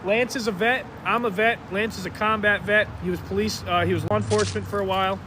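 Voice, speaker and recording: Guy with a high voice doing a phone live stream outside, pumping up his viewers, lots of street noise. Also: fairly even intonation, fast. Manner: upbeat, addresses viewers directly, hypes the stream. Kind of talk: outdoor live stream chat. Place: outdoors in a town square by a bandstand. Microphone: phone camera. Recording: noisy outdoor street sound.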